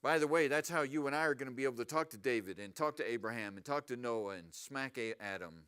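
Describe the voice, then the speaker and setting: A pastor with a mid-range, smooth voice preaches quickly to his congregation in a church sanctuary. He's animated and keeps asking the people in the pews questions.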